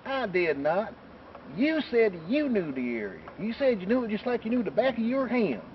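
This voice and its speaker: A man with a raised, very lively voice directs the camera and runs lines on a homemade film set, in a folksy manner. The camera audio is dull and lo-fi, with a faint hiss. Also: high voice, moderate pace. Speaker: amateur actor and director on set. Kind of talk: amateur film shoot banter.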